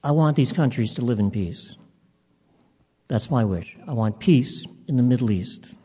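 A man voicing an excited, chatty woman on vacation who rambles eagerly. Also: mid-range voice, unhurried, breathy edge. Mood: earnest. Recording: long hall reverb.

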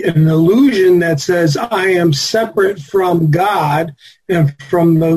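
A man sharing his spiritual views in a group video call, measured and reflective with wry asides. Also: high voice, a little mellow, slightly rough, rough recording. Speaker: group participant.

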